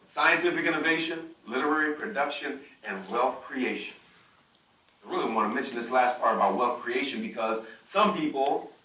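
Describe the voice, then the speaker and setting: A man's voice: mid-range voice, normal speed, sharp tone, slight background noise. A man giving a university lecture in an impassioned, preacher-like style with call-and-response to the audience. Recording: echoey hall from far off.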